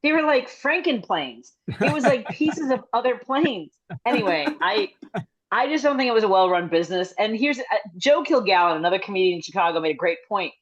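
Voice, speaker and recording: A middle-aged woman comedian telling stories in a rambling, chatty way with quick asides, over a video call. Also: mid-range voice, big pitch swings, husky. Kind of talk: casual comedic storytelling. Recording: slightly dull video-call audio.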